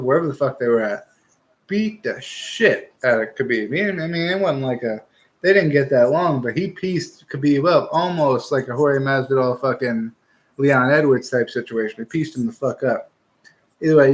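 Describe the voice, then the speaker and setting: A man's voice: a little high, fairly bright tone. A young man hosting a casual fight-picks show, talking in a blunt, opinionated and profane way. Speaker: podcast host giving fight picks.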